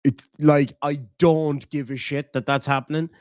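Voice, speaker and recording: A man's voice: a little high, flat delivery, moderate pace, a little mellow, dry recording, clean studio sound. A man with an Irish accent giving profane, mocking reaction commentary on a stream.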